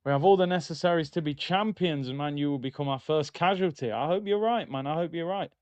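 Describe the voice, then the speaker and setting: Fairly high-pitched and quick, this young man's clean voice carries his casual live commentary as he watches football with his stream, shouting at chances and reading chat. There's no echo, though the streaming-mic audio sounds dull.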